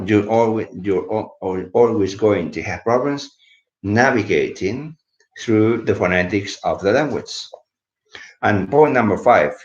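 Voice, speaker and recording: A man, a bit sleepy, giving a casual English lesson and switching between English and to explain words. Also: on the low side. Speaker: English teacher. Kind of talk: casual live video lesson. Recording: echoey room, dull lo-fi sound.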